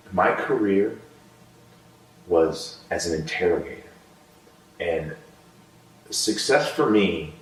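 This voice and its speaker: Deep-voiced man, echoey and distant. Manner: measured, slows down when reflecting. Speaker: guest, former military interrogator. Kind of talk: conversational storytelling. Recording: echoey room, voice far from mic.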